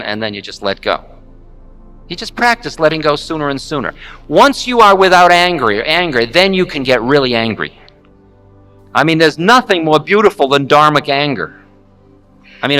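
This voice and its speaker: A man, a spiritual teacher, telling a story in a candid, wry, animated way. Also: fairly high pitch, fairly quick, soft background music. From United States. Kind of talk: storytelling talk.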